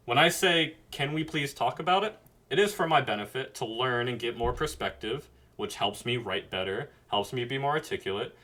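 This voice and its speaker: A man thinking out loud on a livestream, earnest and a little rambling. His voice is bright and pushes forward at a middling pitch. He sounds close to a computer mic. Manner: earnest, rambling, self-reflective. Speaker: streamer. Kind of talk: casual livestream monologue. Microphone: webcam mic at a computer.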